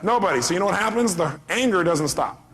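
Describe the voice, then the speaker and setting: A man's voice: sits high, lively intonation, quick pace, a bit bright. A middle-aged man giving a live seminar talk as a motivational speaker, emphatic and firing rhetorical questions at the audience.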